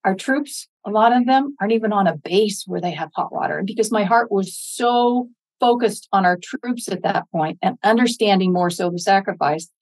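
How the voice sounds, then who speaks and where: A woman's voice: medium pitch, normal speed, few pauses, a little mellow, poor audio. An older American woman, a public speaker, talking earnestly and encouragingly in an interview, acting out her own inner dialogues. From United States. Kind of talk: interview talk.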